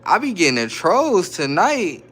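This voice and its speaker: A man's voice: high voice, huge pitch swings, a little slow, a bit bright. A man hosting a casual livestream, talking loosely in slang as he reads viewer comments aloud and answers them. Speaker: livestreamer reading chat. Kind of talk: casual live-stream chat.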